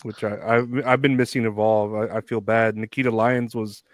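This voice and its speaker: A man's voice: lowish voice, level tone, moderate pace, no echo. Male co-host, loose rambling delivery, laughs a lot, dry close mic. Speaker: podcast co-host. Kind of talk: casual chat.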